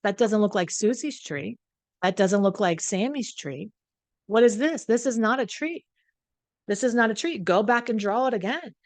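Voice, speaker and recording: A woman's voice: medium pitch, lively intonation, normal speed, no room sound, natural voice. A woman putting on a prim schoolteacher. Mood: stern. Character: prim cheerful woman schoolteacher, rigid about rules.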